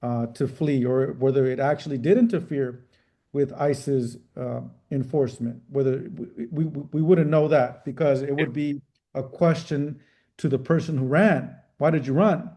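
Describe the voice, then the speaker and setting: A middle-aged man, a trial attorney, answering interview questions in a measured, careful way with frequent restarts. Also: medium pitch, fairly even intonation, dark tone. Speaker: civil rights trial attorney.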